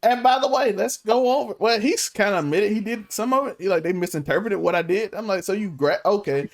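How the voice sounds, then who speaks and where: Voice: medium pitch, a little fast. A podcast co-host in casual chat who talks expressively.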